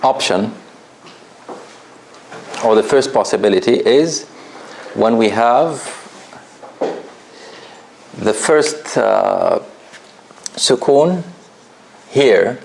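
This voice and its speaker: A man's voice: mid-range voice, very slow, vocal fry, pauses often, a little hiss or hum. A man teaching a tajweed class in an office, patient and laughing often as he asks the students questions. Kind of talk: classroom lesson.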